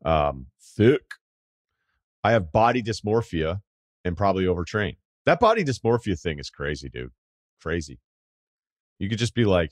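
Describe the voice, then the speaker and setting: Man, 40s, very deep voice, podcast host, wry conversational delivery, dry close recording. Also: big pitch swings, moderate pace, pauses often, no echo. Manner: wry and conversational, with asides and mock quotes. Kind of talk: casual advice podcast, reading listener emails.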